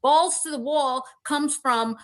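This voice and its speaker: A woman hosting a podcast, her voice pitched high. She riffs in a loose, joking way, dropping swear words as she reacts to clips. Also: slow. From northern US. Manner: animated, profane, joking. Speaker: podcast host. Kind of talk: casual commentary.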